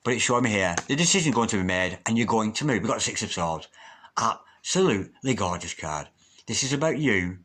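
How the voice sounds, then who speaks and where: A man giving a solo tarot reading to his viewers, chatty and encouraging, with sudden loud exclamations that drop to hushed, near-whispered asides. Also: fairly low pitch. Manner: chatty, encouraging, repeats pet phrases. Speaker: tarot reader.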